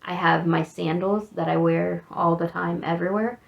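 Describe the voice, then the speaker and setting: A woman's voice: lowish voice, steady tone, moderate pace, vocal fry, lo-fi sound. A woman in her thirties with an American accent, chatting casually and rambling a little in a self-deprecating get-to-know-me vlog. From United States. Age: 30s. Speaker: vlogger.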